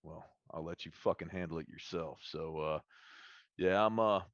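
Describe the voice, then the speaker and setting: A man's voice: deep voice, normal speed, no echo, dull audio, lightly acted. A man voicing a crude, boastful male Marine monster hunter with a put-on Southern redneck accent and a swaggering, profane drawl.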